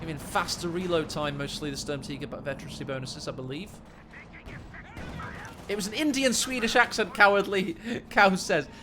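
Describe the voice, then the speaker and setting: A man casting a video game match, joking and rambling and breaking into sudden excited shouts. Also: high-pitched, normal speed, noisy background. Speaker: game caster.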